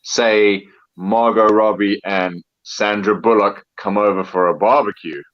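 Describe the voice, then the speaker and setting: A man co-hosting a casual podcast, chiming in slowly on the conversation. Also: fairly low pitch, fairly even intonation, a bit bright. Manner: slow, chiming in. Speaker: podcast co-host. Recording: dull lo-fi audio.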